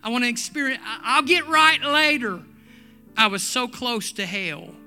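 A man preaching a sermon testimony, swinging from hushed storytelling to fervent shouting. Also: extremely high pitch, moderate pace, smooth, soft background music. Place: church.

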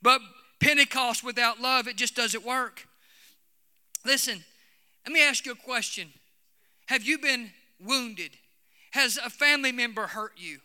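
A man preaching a Pentecostal sermon, fervent and building to shouts, with frequent "uh" between phrases. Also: very high voice, a little slow, pauses often, clean tone, big-room sound. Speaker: Pentecostal pastor. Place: church sanctuary.

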